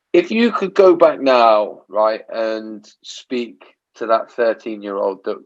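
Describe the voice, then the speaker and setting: A man's voice: lowish voice, darkish tone, dull audio. A man hosting an interview podcast, talking reflectively with frequent restarts and "right?" tag questions. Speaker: podcast host. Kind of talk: casual interview chat.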